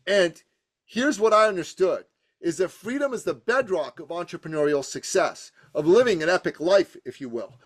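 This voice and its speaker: A man's voice: high voice, lively intonation, normal speed. A man in his fifties from Iran, a business coach telling his story as a podcast guest in an emphatic, punchy, rhythmic way. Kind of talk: motivational storytelling in a podcast interview.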